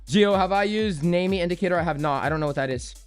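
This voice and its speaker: A man's voice: high-pitched, quick pace, smooth, faint music behind. A man streaming about crypto trading, answering viewer questions in a loose, joking, self-deprecating way with many restarts. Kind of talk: casual livestream chat answering viewer questions.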